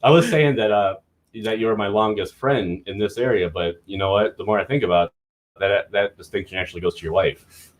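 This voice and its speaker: A man's voice: lowish voice, a little fast. A man who is a regular on a talk show, chatting casually with dry, wry remarks. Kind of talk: casual chat.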